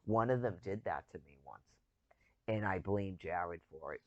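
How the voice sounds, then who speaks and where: A man's voice: low voice, lively intonation, normal speed, no echo, lo-fi sound. A man in casual chat, rambling and chuckling as he talks, with loose, profane phrasing.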